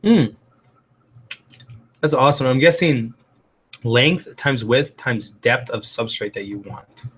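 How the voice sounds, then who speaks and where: A man's voice: medium pitch, animated, slow, long pauses, fairly bright tone, breathy edge. Chatty man hosting a live stream. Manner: chatty and upbeat, loose with fillers and restarts. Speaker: host answering live chat. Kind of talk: casual live-stream chat.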